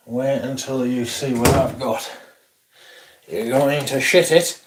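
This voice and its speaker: A British man hosting a casual livestream, chatty and excitable, swearing freely as he talks to his viewers. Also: medium pitch, slow pace, background noise. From Britain. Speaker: livestream host.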